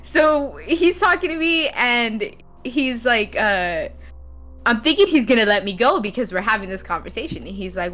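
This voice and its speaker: A woman's voice: on the high side, moderate pace. A woman guest on a podcast, telling a gaming story casually, laughing often and acting out what people said. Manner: animated storyteller, laughs often, acts out quotes. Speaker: podcast guest, game streamer.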